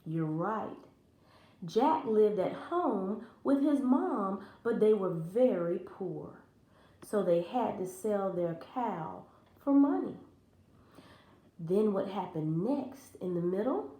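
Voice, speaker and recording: Slow, expressive woman teacher reading aloud. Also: mid-range voice. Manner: expressive and animated. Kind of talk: storybook read-aloud for children. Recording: roomy echo.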